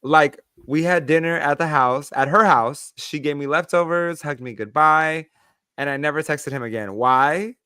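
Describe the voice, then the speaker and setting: A man co-hosting a casual podcast, telling stories with lively quoted voices. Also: on the high side, normal speed, smooth, no room sound. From Mexican-American. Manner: animated storyteller, acts out quoted voices. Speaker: podcast co-host. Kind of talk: casual chat.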